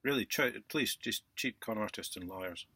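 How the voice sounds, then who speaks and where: A man vlogging in a casual, indignant monologue, sarcastic, with loud outbursts and muttered asides. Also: on the low side, moderate pace, breathy edge, dry recording. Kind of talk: casual ranting monologue to camera.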